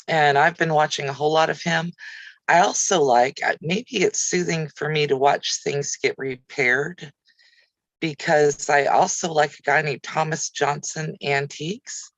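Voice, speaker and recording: A woman's voice: low-pitched, measured pace, dry recording, rough recording. A woman hosting a casual livestream chat, talking easily and answering viewer comments by name. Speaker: craft channel host.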